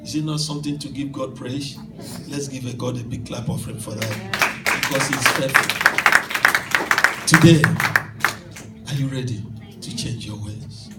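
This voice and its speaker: A man preaching an emphatic sermon and telling a story to a congregation, sometimes rising to shouts. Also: mid-range voice, fairly even intonation, normal speed, loud music behind the voice, a loud crowd. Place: church hall. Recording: echoey hall from far off.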